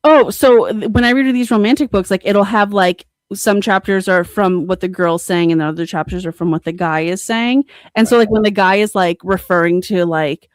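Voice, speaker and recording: A young woman co-hosting a podcast, chatting casually with lots of fillers and excited bursts. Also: mid-range voice, normal speed, hardly any pauses, no echo. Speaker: podcast co-host. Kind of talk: casual chat.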